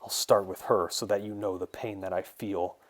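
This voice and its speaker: A man's voice: low voice, level tone, normal speed, lightly acted. A man voicing a vengeful male wolf skinwalker who hurls bitter threats.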